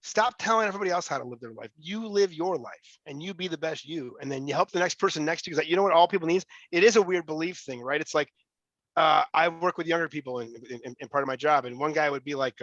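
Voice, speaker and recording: Brief: fast-talking man, blunt and profane, slightly higher voice, dry and muffled sound. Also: fairly bright tone, dry recording. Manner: blunt, profane, repeats words when he starts a sentence. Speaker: guest. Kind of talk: motivational interview talk.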